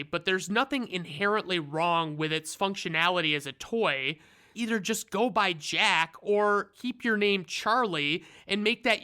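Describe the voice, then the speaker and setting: A man's voice: high-pitched, bright, forceful tone, clear, resonant tone. A man giving a comedic, sarcastic movie recap, rambling and swearing freely. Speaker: reviewer.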